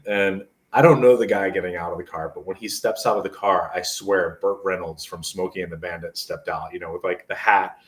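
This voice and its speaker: He talks fairly quickly with hardly any pauses, his low voice holding a steady tone. A motivational speaker in his forties from New Jersey, he's a guest on a laid-back interview, telling rambling, sincere stories, and the mic sits some distance away.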